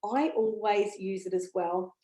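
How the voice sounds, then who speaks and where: A woman's voice: medium pitch, fairly even intonation, a little slow, warm tone. A woman giving a casual, enthusiastic talk about essential oils, chatty with many ums and okays. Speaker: essential oil educator. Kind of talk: casual product talk to camera. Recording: echoey room.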